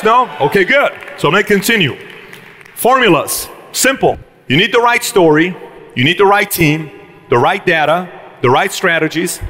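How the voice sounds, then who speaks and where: Punchy, emphatic man with a slightly high voice. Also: a bit bright. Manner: punchy, emphatic, acts out quick dialogue. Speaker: speaker addressing a business audience. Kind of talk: motivational talk to a live audience. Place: event hall with a live audience.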